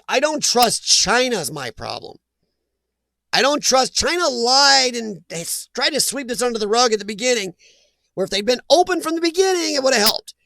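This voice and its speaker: A blunt, opinionated man hosts a casual livestream and reads out viewer comments. His voice sits high with a gravelly edge. The sound is dry and close to the mic. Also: bright, forceful tone, no echo. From Midwestern US. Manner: blunt, opinionated, laughs easily. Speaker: livestream host. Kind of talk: casual live chat reading comments.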